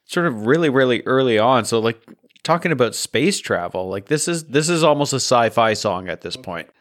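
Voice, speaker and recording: A man's voice: medium pitch, lively intonation, moderate pace, a bit bright. Male co-host, easygoing, lots of "yeah" and fillers. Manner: agreeable, lots of fillers and backchannels. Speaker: podcast co-host. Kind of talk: casual chat.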